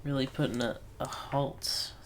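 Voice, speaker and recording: A man's voice: medium pitch, steady tone, a little slow, slight background noise. A man thinking aloud in wry self-talk while commentating a puzzle game. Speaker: let's play gamer.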